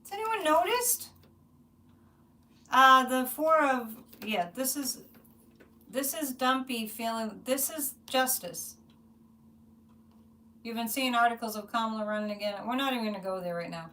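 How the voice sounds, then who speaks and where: A woman hosting a psychic livestream, chatting casually and rambling, with frequent restarts and animated asides. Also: on the high side, normal speed, distant mic. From United States.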